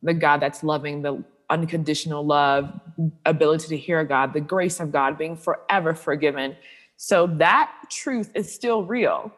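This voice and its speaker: A woman's voice: sits low, normal speed. A woman sexuality coach speaking candidly as an interview guest, animatedly acting out the voices of people she quotes. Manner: animated storyteller who acts out quoted voices.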